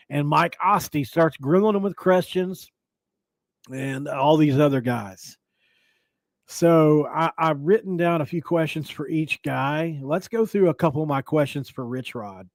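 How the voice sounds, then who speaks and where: A man's voice: fairly high pitch, dry recording. Rambling male sports podcast host. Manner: rambling, restarts, jokey asides. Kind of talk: casual sports podcast commentary.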